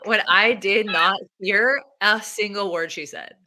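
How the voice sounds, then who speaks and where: A woman doula talking casually in an interview, animated and laughing often as she acts out her own remarks. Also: mid-range voice, a little slow, a little hiss or hum. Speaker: doula and activist.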